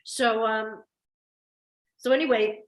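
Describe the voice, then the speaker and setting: A woman's voice: a little high, steady tone, slow. An older woman, a soap actress guest, telling stories in a chatty, effusive way with many restarts. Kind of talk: casual interview chat. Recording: roomy echo.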